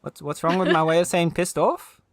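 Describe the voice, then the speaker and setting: A man's voice: on the high side, steady tone, brisk, no room sound. A man with a South African accent, a streamer chatting playfully and laughing often with friends while gaming. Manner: giggly, eager, pleading playfully. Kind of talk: casual chat over voice call while gaming.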